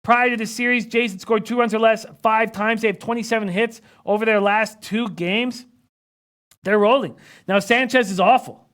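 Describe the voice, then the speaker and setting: A man with a fairly high voice hosts a live betting stream, running through odds, averages and line moves. He talks quietly and close to the mic, and he keeps the numbers coming fast. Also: fairly even intonation. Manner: rapid stat-heavy rundown, reads out chat comments. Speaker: sports betting analyst.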